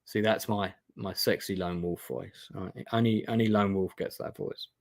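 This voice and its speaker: A man's voice: sits low, fairly even intonation, normal speed, vocal fry, no room sound, clean studio sound. Chatty man reading a gamebook. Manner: chatty, self-deprecating asides. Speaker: host playing a gamebook live. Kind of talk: casual live-stream narration. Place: indoor room.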